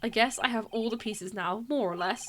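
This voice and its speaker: A woman's voice: a little high, a little fast, fairly bright tone, a little hiss or hum, close to an everyday voice. A woman voicing an earnest, determined young male defense lawyer in a game read-through.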